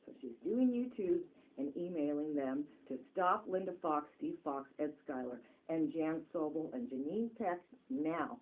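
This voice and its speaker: Low-voiced woman on a tinny phone recording. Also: expressive, measured pace, hardly any pauses. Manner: rambling, repetitive, intense. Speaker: self-described spirit medium. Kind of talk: rambling channeling monologue to camera.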